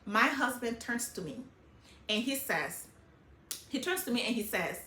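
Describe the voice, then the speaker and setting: A middle-aged woman talking casually and emotionally about her life, in an animated, hyper way. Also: fairly high pitch, a little slow, long pauses, roomy sound. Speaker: vlogger sharing life lessons. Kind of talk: casual personal talk.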